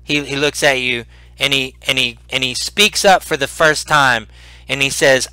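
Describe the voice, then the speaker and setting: A man narrating a tabletop role-playing game as game master, animated and full of restarts. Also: mid-range voice, normal speed, clean tone, no echo, poor audio. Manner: animated, repeats words and restarts.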